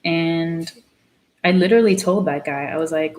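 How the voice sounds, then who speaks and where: Low-voiced woman ranting casually. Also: normal speed, darkish tone, low-quality recording. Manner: ranting, profane, blunt; drops into Spanish phrases. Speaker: artist vlogger. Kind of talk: casual chat while painting.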